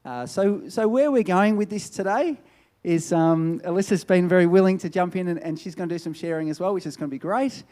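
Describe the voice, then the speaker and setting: A middle-aged man giving a sermon as a guest speaker, telling a story with lively acted-out voices. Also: high voice, fairly quick, dry recording. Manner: animated storyteller, acts out quoted people.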